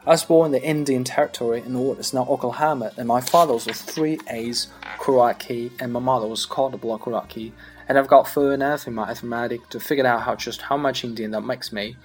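A man whose first language is Chinese, reading a comic monologue aloud in English with a lively storytelling delivery. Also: medium pitch, brisk, soft background music. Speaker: English learner practicing accents.

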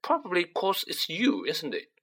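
A man voicing an excitable, chatty teenage boy wizard who talks in animated, joking bursts. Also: high-pitched, normal speed, pitched above the performer's own voice, exaggerated voice.

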